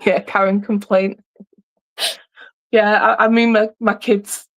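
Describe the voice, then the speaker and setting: A woman's voice: medium pitch, level tone, slow. A middle-aged woman, host of a livestream, chatting casually and telling a rambling story with many restarts.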